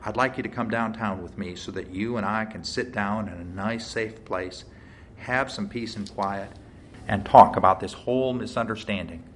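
A man voicing a polite small-town sheriff's deputy who speaks in a calm, matter-of-fact way. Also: fairly low pitch, moderate pace, slight background noise, close to an everyday voice.

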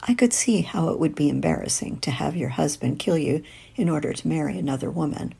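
An older woman audiobook narrator tells a first-person story wryly and confidingly, sometimes dropping into a whisper. Her low, dark voice carries a strong gravelly fry and a husky, breathy grain.

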